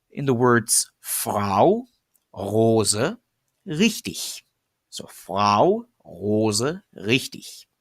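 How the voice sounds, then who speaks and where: A man's voice: medium pitch, a bit bright, no room sound, clean studio sound. A young man giving an earnest lesson presentation on pronunciation, with frequent fillers and restarts. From United States. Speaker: language teacher. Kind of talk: explanatory presentation.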